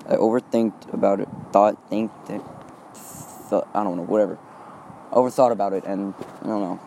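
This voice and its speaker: A teenage boy from Texas rambles through a casual solo podcast monologue recorded outdoors in the wind. He sounds hesitant and keeps repeating fillers, with a lowish, gravelly, mellow voice, fairly even intonation, and a moderate pace. A little hiss or hum is audible.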